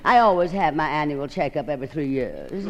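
A woman's voice: low-pitched, expressive, brisk. A woman hosting an old-time radio comedy monologue, delivering it in a theatrical drawl and calling everyone darling.

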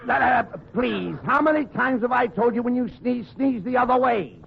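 A man's voice: very high-pitched, moderate pace, creaky. A man playing the scolding, exasperated straight man in 1940s radio comedy. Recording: dull old radio recording with faint hiss.

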